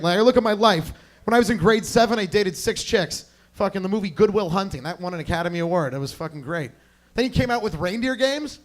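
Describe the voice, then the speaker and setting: A young man doing a crude, rambling stand-up set, chatting with the crowd on a club stage. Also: sits high. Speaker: stand-up comedian.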